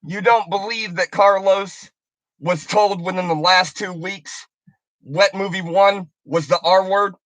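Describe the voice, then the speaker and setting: A woman's voice: medium pitch, fairly even intonation, a little slow, no echo. A woman delivering an angry, profane, confrontational rant on her video channel, taunting the person she is addressing. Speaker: YouTuber.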